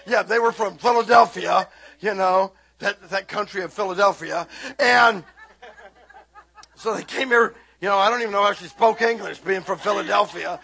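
Middle-aged man, preacher, lively storytelling sermon, high bright voice, husky edge. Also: moderate pace. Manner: animated, shouting and laughing, talks to the audience.

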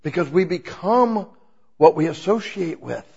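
A man preaching an informal, conversational sermon, asking the congregation many questions and swinging between quiet asides and loud, emphatic lines. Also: sits high, lively intonation, a little slow, creaky, breathy edge, muffled recording. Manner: asks the listeners many rhetorical questions.

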